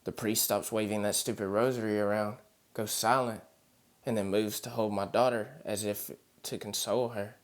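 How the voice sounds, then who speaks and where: A man narrating a first-person horror story in a steady, earnest storytelling manner. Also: on the low side, normal speed.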